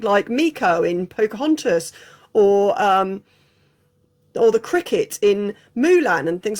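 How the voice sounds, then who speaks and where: Chatty woman giving frank opinions. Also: fairly high pitch. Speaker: host. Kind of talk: casual chat.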